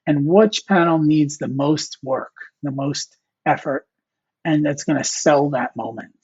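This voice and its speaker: A man's voice: on the high side, unhurried, a little mellow, breathy edge, dry recording. A man, a comic artist guest, talks casually in an interview and rambles with fillers and restarts. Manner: rambling, many fillers and restarts, quotes mentors. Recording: dull, slightly lo-fi dry sound.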